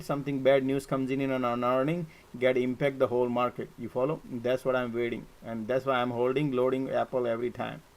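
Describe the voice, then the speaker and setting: A man hosting a casual stock market live stream, animated and repetitive, often checking "right?" with his viewers. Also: medium pitch, low-quality recording. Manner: animated, repeats words, frequent "right?" and "guys". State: coughing, choked up at times.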